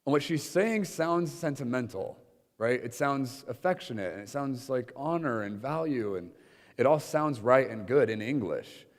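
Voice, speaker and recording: A man's voice: mid-range voice, expressive, moderate pace, in a large hall. A young adult man leading an informal teaching session before a room of listeners, talking conversationally with many fillers and acted-out quotes.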